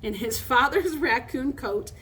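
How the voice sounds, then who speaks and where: Lady playing an anxious kid, fretting, voice high. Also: lively intonation, unhurried, fairly bright tone, slight background noise. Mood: fretful. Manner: fretful. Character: worried young boy, anxious thumbnail-biter.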